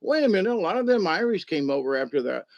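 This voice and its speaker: A man's voice: high voice, very animated, fast talker, vocal fry, dry recording, highs cut off. A man talking in a casual, rambling monologue, often restarting sentences and acting out imagined conversations. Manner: rambling, acts out imagined back-and-forth conversations; many restarts and repeated words. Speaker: commentator.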